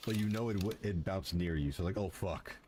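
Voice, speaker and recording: Young man, very deep voice, blunt, swears a lot, loud game noise behind. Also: fast. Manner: blunt, profane, dry. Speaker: gamer co-host. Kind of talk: casual gaming chat. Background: gunfire and game noise.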